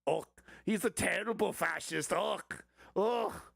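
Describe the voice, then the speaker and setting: A man's voice: measured pace, vocal fry, a bit bright, dry recording, clean studio sound, full character voice. A man putting on a whiny petulant dictator. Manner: high mocking whine. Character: whiny aggrieved old dictator, male, petulant.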